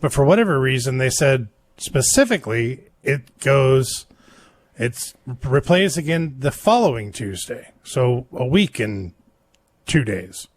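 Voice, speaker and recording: A man co-hosting a casual wrestling recap chat, reasoning things through aloud in a measured way. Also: medium pitch, big pitch swings. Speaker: podcast co-host.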